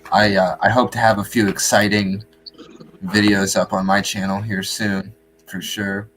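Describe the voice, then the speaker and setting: Male guest on a video call, easygoing, low voice, noisy line. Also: flat delivery, measured pace, fairly bright tone. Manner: easygoing, short agreeing replies. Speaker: guest, YouTube channel creator. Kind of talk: casual livestream chat.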